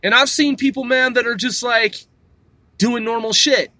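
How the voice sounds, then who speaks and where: A man's voice: very high-pitched, fairly even intonation, moderate pace, sharp tone, dry recording. A man delivering a heated, profane rant to camera, emphatic and full of swearing. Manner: heated, emphatic, swearing constantly, calls people "man" and "dude". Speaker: vlogger. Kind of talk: profane ranting monologue.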